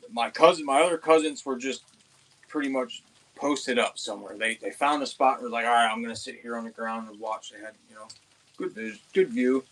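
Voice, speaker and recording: A young man from Pennsylvania, hosting an outdoors channel, telling a rambling, excited hunting story with many restarts. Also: medium pitch, fairly quick. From Pennsylvania, USA.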